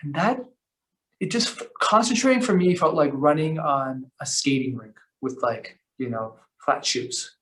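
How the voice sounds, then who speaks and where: Male podcast guest, rambling storyteller, slangy, slightly high voice. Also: measured pace, slight background noise. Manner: rambling, animated, lots of fillers and restarts; slangy, calls the host bro. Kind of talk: casual storytelling conversation.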